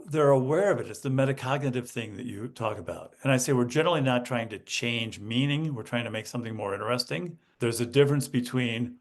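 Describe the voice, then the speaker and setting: A man being interviewed on a podcast, explaining how teachers build speaking skills. He talks in a mid-range voice and acts out classroom lines with lively, shifting emphasis. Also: medium pitch. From United States. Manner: animated, demonstrates emphasis by acting out student lines. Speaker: guest, educational consultant.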